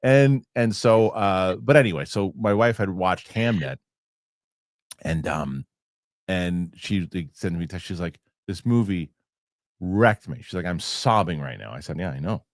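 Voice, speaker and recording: A man's voice: sits low, a little slow, dry recording, studio quality. A man hosting a casual movie chat show, talking. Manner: rambling with many restarts. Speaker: host.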